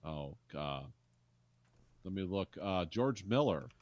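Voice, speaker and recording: A man's voice: low-pitched, animated, slow, no room sound, muffled recording. A man co-hosting a casual movie podcast, easygoing, giving short replies and knowledgeable asides. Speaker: podcast co-host.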